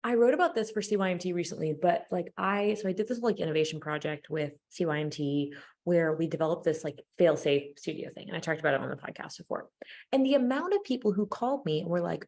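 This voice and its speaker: A woman on a podcast panel, talking in an animated, direct and opinionated way. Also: on the low side, fast talker. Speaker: youth ministry panelist. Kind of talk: casual podcast chat.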